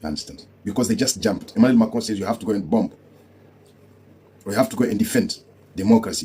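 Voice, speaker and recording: Low, husky African man ranting. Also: quick pace, pauses often, mellow. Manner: scornful, repeats rhetorical questions. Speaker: political commentator. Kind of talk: heated political commentary.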